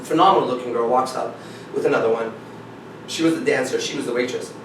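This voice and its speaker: A man's voice: mid-range voice, fast, fairly bright tone, far from the mic, a little hiss or hum. A man coaching on dating, telling a story emphatically and acting out both sides of the conversation. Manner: acts out dialogue, emphatic, repeats "I said". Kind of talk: animated storytelling talk. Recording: echoey room, speaker away from the mic.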